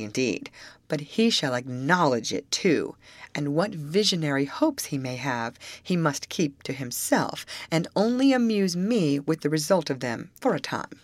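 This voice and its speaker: A woman's voice: sits low, big pitch swings, unhurried, no echo, full character voice. A woman voicing a spoiled, vain young lady in a storybook reading, with a haughty, teasing manner. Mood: scheming. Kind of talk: audiobook character voice.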